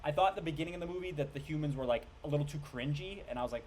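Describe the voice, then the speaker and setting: A man chats through a movie review in a loose, rambling way, stumbling over restarts and dropping the odd swear word. His voice sits a little on the high side. A faint hiss runs under the recording. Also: rapid-fire, darkish tone. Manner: rambling, heavy on fillers and restarts, swears casually. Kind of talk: casual spoken review.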